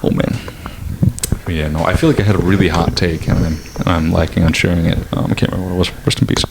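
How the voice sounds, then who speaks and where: A man's voice: deep voice, steady tone, fast. A young man co-hosting a comedy podcast, laid-back, often repeating short agreements. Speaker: podcast co-host. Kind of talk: casual comedy podcast chat. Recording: clear background noise.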